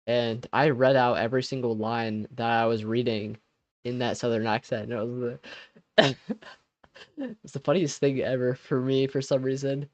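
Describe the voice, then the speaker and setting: A man's voice: medium pitch, steady tone, normal speed, no echo, dull audio. A young man hosting a live stream, chatting casually with viewers. He laughs often and trails off mid-sentence.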